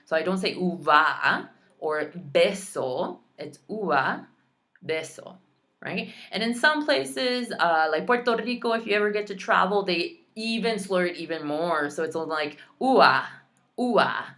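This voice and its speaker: A woman's voice: medium pitch, animated, moderate pace, fairly bright tone. A woman teaching a Spanish lesson online, pronouncing practice words carefully and adding chatty, playful asides.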